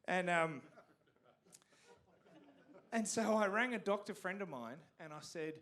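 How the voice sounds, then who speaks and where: A man's voice: sits high, lively intonation, unhurried, pauses often, fairly bright tone. An Australian man telling a rambling, profane stand-up comedy story on a theatre stage.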